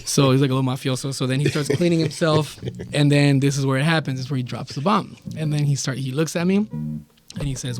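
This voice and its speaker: Animated male storyteller with music behind. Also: medium pitch, fast talker. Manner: animated storyteller acting out quoted dialogue. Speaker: podcast guest. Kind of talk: casual storytelling.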